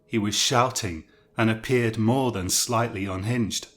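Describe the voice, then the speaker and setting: A man's voice: fairly low pitch, unhurried, a bit bright. A man narrating a scripted story in a wry, conversational way. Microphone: USB studio mic. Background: faint incidental music.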